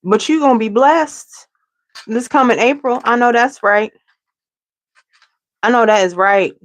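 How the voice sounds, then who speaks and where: A woman's voice: on the high side, unhurried. A woman giving a casual tarot reading to her viewers, chatty and repetitive, often asking "okay?". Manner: chatty, tags lines with "okay?", repeats herself. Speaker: tarot reader.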